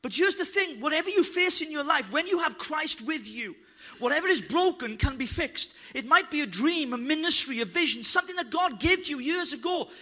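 A man preaching a sermon, fervent and joking, building to shouted declarations. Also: very high voice, animated, fairly quick. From Wales. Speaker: pastor. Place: church hall.

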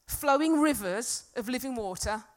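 Woman preaching to the room, earnest, goes loud then soft, slightly high voice. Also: lively intonation, moderate pace. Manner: earnest, builds to loud emphatic peaks then drops soft. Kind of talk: sermon. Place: church hall with congregation.

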